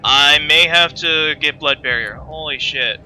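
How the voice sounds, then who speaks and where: Bright, high-voiced man streaming a game. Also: unhurried, slight background noise, rough recording. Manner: blunt, swearing, chatty. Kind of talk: casual gameplay commentary.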